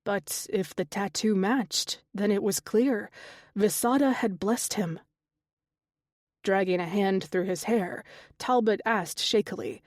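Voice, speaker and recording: A woman's voice: mid-range voice, takes it slowly, a little mellow, no room sound. Woman reading an audiobook, dry and close. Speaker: audiobook narrator. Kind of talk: scripted narration.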